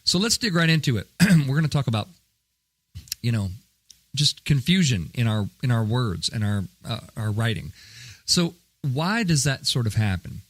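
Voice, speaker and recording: A man's voice: medium pitch, very animated, moderate pace, a bit bright, no room sound. A man hosting a podcast, chatting in an upbeat, jokey way with frequent fillers. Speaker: podcast host. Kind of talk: casual podcast talk.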